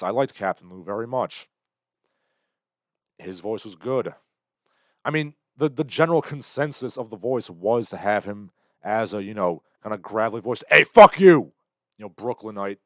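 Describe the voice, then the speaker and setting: A man's voice: fairly low pitch, moderate pace, no room sound, clean studio sound. A young man hosting a casual livestream, rambling sardonically through chat comments. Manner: rambling, sardonic, bursts into loud impressions. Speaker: livestream host.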